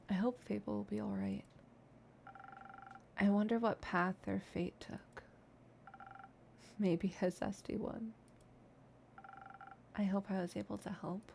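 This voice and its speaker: A woman streaming a cozy game, reading each character's lines aloud in her own voice and only shifting her pitch, with casual asides between them. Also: level tone, slow pace, gravelly, long pauses, darkish tone, slight background noise. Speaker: streamer voicing game dialogue. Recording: game music playing behind.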